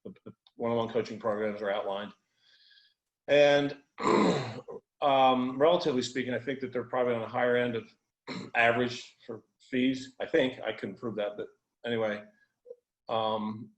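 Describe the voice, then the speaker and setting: An American man telling a story in a loose, animated way, with casual slang and swearing. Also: medium pitch, moderate pace, echoey room, poor audio. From United States. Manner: animated, informal, profane. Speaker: guest.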